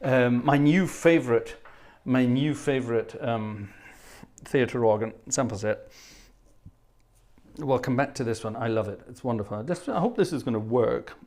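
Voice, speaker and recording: A man's voice: mid-range voice, normal speed, a little mellow. A man hosting a livestream, telling anecdotes in a chatty, self-deprecating way between pieces of music. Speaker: livestream host and organist. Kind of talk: casual chat.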